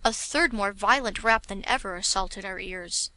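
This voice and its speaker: A woman narrating a classic story as an audiobook, in a measured, clear reading. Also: mid-range voice, bright, forceful tone, no echo.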